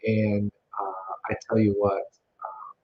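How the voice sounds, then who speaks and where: Enthusiastic low-voiced man, lo-fi recording. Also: flat delivery, slow, husky. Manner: enthusiastic, rambling, many fillers. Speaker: organizer narrating event photos. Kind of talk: casual photo slideshow commentary. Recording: dull lo-fi sound with faint noise.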